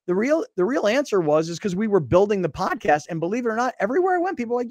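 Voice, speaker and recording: A man hosting a podcast, his voice sitting high for a man. He tells stories in an animated, casual way and acts out what others said. The studio sound is close and dry. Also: quick pace, hardly any pauses, no room sound. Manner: animated storytelling, mimics voices. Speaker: podcast host. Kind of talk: casual chat.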